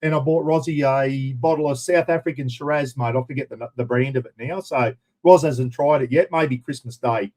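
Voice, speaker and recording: A man with an Australian accent hosting a casual charity live stream, rambling through matey shout-outs to viewers. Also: mid-range voice, normal speed, hardly any pauses.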